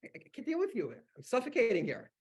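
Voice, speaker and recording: A man voicing a panicked young woman trapped in the dark, pleading shrilly in a frantic voice. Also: extremely high pitch, wildly swooping pitch, fast, voice pushed up, exaggerated voice.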